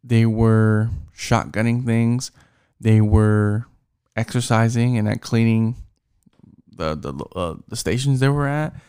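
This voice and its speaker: A man's voice: lowish voice, takes it slowly, dark tone, clean tone, no room sound, studio quality. A young man venting in a casual, profane rant about his job, rambling and frustrated, restarting his sentences as he goes. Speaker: vlogger venting about work.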